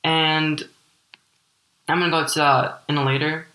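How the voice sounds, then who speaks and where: A teenage girl from Ukraine with a deep voice, hosting a personal podcast and telling her story in a candid, rambling way full of "like" fillers. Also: flat delivery, a little slow, pushed and bright, echoey room, low-quality recording. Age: teens. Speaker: podcast host.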